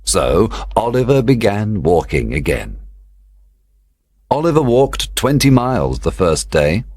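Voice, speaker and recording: A man narrating a children's storybook for young learners, slow, clear and expressive. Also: on the low side, no room sound, studio quality. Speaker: audiobook reader.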